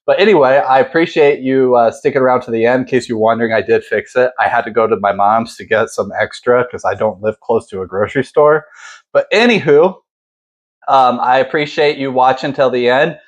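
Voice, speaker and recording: A man's voice: medium pitch, fairly quick. A man hosting a casual home cooking video, chatting in a laid-back, self-deprecating way while he makes salsa. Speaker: cooking channel host.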